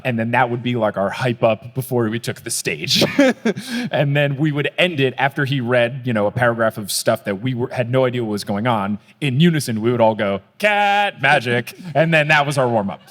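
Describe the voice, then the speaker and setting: A young man hosts a podcast in front of a live crowd, chatty and joking as he spins a long story. His voice sits mid-pitch, and the sound carries a long reverb from the venue hall. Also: brisk. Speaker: podcast host. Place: live stage show before an audience.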